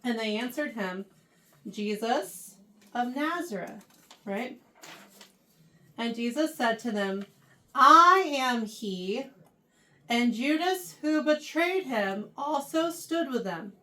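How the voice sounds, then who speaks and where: High-voiced woman teaching a youth Bible study. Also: animated, slow pace, pauses often, bright, forceful tone. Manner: chatty, keeps checking in with questions; reads scripture aloud then retells it in everyday words. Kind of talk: casual Bible lesson to teens. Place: church. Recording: voice picked up from a distance.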